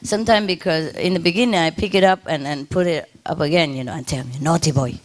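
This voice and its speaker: A woman with a low voice talks fast and informally to an ashram gathering as a spiritual teacher. She laughs often, and her English is simple and non-native, with loosely built sentences.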